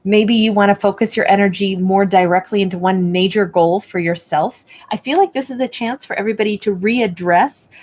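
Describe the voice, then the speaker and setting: A woman's voice: medium pitch, fairly quick, few pauses, darkish tone. A woman giving a spoken tarot and oracle card reading at home, talking in a reflective, encouraging way with lots of fillers. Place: indoors at a table with her card decks.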